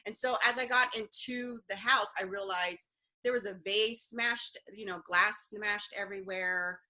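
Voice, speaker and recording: A woman's voice: medium pitch, fairly even intonation, unhurried, bright, forceful tone. A woman, an interview guest, earnestly recounting a personal story with fillers and restarts.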